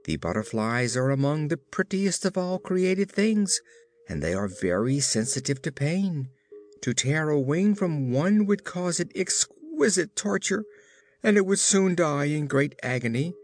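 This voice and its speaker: A man's voice: fairly high pitch, big pitch swings, unhurried, voice pushed up. A man voicing a stern but tender-hearted male tin emperor in a storybook reading, speaking in earnest, emphatic declarations.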